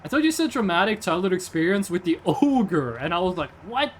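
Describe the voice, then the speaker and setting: A man's voice: sits high, very animated, brisk, slight background noise. A young man, streaming casually in a rambling, jokey way and answering chat. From Norway.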